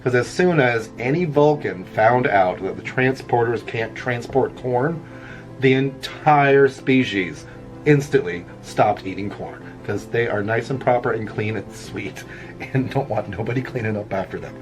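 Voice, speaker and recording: Unhurried and expressive in a mid-range voice, a middle-aged vlogger draws while casually telling a wandering story. He chuckles frequently at his own jokes, and faint music plays in the background.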